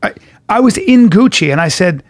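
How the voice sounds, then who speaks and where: A man with a notably high speaking voice co-hosts a casual podcast. He tells stories with lots of animation and slips into the voices of the people he quotes. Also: normal speed, dry recording. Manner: animated storyteller who acts out quotes. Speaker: podcast co-host.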